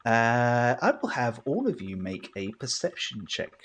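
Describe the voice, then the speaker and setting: A man running a tabletop role-playing game, narrating scenes and calling for dice rolls at a slow, deliberate pace. He pauses often with hesitant fillers as he sets the scene. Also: medium pitch, very animated, slight background noise. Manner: unhurried, with frequent "uh" fillers. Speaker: game master.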